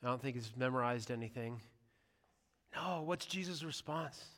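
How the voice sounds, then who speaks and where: A man's voice: medium pitch, moderate pace, a bit bright, in a large hall. A man preaching a sermon as pastor, speaking in an earnest, conversational way in a church sanctuary.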